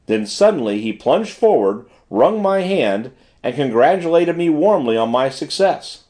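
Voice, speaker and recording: Man, audiobook narrator, first-person storytelling, formal prose, animated pitch. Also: a little slow. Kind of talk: scripted narration.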